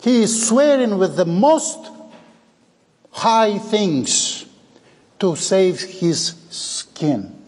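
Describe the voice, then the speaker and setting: Male preacher, dramatic sermon delivery, husky, big hall reverb. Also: sits high, big pitch swings, extremely slow, pauses often, a little mellow. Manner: dramatic, acts out quoted dialogue.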